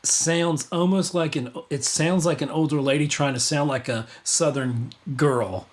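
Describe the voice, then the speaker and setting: A man's voice: a little high, measured pace. A man hosting a casual livestream podcast, rambling with many restarts and fillers. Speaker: podcast host.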